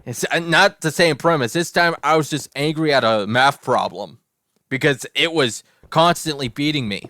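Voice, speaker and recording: A man's voice: a little high, normal speed, sharp tone, no echo, clean studio sound. A young man telling a rambling personal story over gameplay, often stopping to correct himself mid-sentence. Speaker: gaming channel host.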